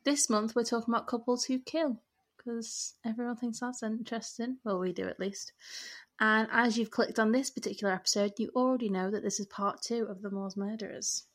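A woman from northern England with a northern English accent, co-hosting a casual true crime podcast and recapping cases in a relaxed way. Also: on the high side, brisk. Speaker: podcast co-host.

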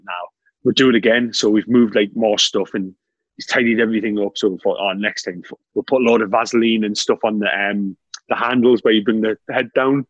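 A man's voice: lowish voice, husky, dry recording, muffled recording. A man, a former footballer telling laughing anecdotes in casual chat. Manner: laughing, animated anecdotes with lots of "mate".

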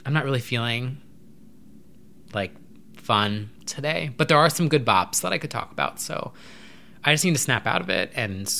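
A young adult man vlogging to camera, rambling in an animated, casual way with occasional swearing. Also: medium pitch.

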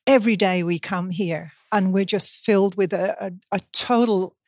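A woman speaking with eager enthusiasm in a mid-pitched voice. The recording is dry and close. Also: moderate pace, darkish tone, no room sound. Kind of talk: casual interview.

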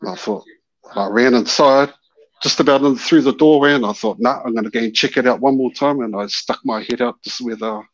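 A man's voice: mid-range voice, brisk. A man calling in and telling a story, animatedly acting out the voices in it. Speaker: caller. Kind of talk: casual storytelling. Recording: dull lo-fi call-in audio.

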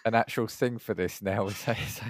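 A man's voice: lowish voice, fairly even intonation, moderate pace. A man hosting a podcast, chatting casually and steering the conversation back on track. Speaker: podcast host. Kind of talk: casual chat.

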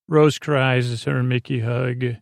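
A man hosting a podcast, giving a rambling bedtime recap of a TV episode and halting often with fillers and self-corrections. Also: medium pitch, fairly even intonation, vocal fry, no room sound, studio quality. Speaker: podcast host.

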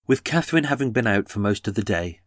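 A man's voice: on the low side, lively intonation, fast, dry recording. A man giving dramatic scripted true-crime narration and dwelling on detail.

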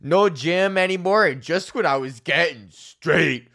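Excitable, foul-mouthed man ranting solo. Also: a little high, slow pace. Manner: profane, excitable, swings between loud outbursts and mumbles. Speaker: podcast host. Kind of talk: solo comedic rant.

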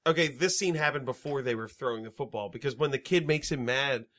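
A man's voice: mid-range voice, fairly quick, a bit bright. A man co-hosting a podcast, casually recapping a movie plot in a rambling, profane way and often correcting himself. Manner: rambling, swearing, backtracking. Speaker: podcast co-host.

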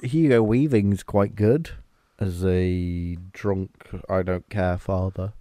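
Guy rambling about a movie, lowish voice, slow, dry close mic. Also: mellow, no echo. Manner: chatty, wry, thinks aloud with fillers. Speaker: podcast co-host. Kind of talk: casual film discussion.

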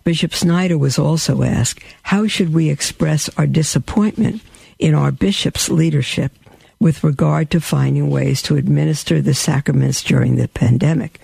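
A man's voice: on the high side, vocal fry, darkish tone, husky, no echo. A man earnestly reading quotes aloud and commenting on them to his listeners, with emphatic repetition and occasional fillers. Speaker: Catholic commentator addressing listeners.

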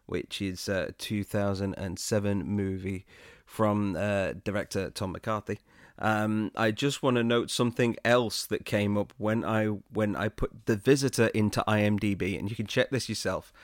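Low-voiced British man chatting on a podcast. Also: normal speed, dry recording, clean studio sound. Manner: chatty, laughing, animated when excited. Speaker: podcast co-host. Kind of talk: casual film podcast chat.

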